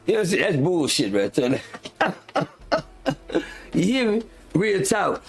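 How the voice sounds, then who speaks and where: A man's voice: high-pitched, big pitch swings, measured pace, vocal fry. A man hosting a live stream, talking in a heated, profane and rambling way, full of restarts and fillers. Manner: frequent restarts and filler words. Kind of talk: casual live-stream rant.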